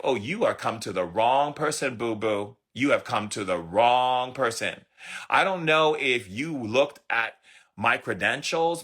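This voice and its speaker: Forceful, husky, sassy male speaker. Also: mid-range voice. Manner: emphatic, sassy, repeats phrases for punch. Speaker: spiritual teacher. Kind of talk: motivational talk.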